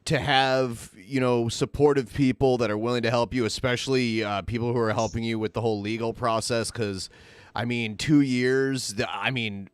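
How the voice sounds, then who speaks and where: A man hosting a podcast, talking in a hesitant, halting way during a casual discussion. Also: medium pitch, fairly even intonation, clean tone, no echo, studio quality. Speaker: host.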